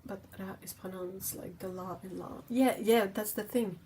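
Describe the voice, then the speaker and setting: A French-native woman hosts a livestream, chatting casually while she paints, her talk rambling and playful with frequent giggles and self-mockery. Her medium-pitched voice is steady and warm at a moderate pace, with a slight hiss or hum in the background.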